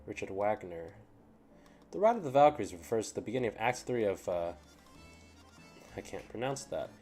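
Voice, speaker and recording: A man's voice: fairly low pitch, sing-song, normal speed, a little mellow. A man reading fanfiction aloud on a stream and commenting in a rambling way, often stopping and repeating words. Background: faint background music.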